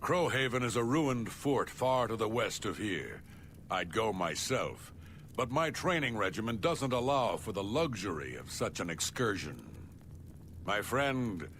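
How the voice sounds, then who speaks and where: An actor playing an earnest male fighter who tells his story in a measured way. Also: mid-range voice, a bit bright, a little hiss or hum.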